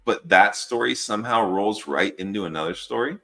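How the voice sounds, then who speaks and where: A man's voice: on the low side, brisk, vocal fry. An American man in his thirties, a fire patrol worker and podcast guest, telling stories casually, swearing freely and saying "dude" a lot. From United States. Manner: animated, swears freely, says "dude" often. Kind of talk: casual storytelling.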